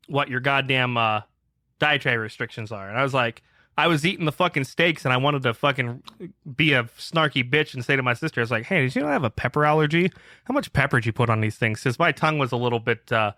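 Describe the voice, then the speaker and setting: A man's voice: mid-range voice, bright, forceful tone, no echo, clean studio sound. Foul-mouthed man ranting through a story. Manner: profane, fired-up ranting. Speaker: podcast co-host. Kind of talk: casual podcast storytelling.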